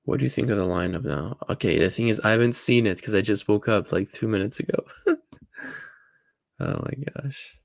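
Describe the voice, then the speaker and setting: A man's voice: lowish voice, brisk, creaky, no echo. A man hosting a casual live watch-along, groggy and dry-throated from just waking up, rambling and flustered as he talks to himself and his chat. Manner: rambling, self-talking, flustered. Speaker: livestream host. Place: home room at a desk.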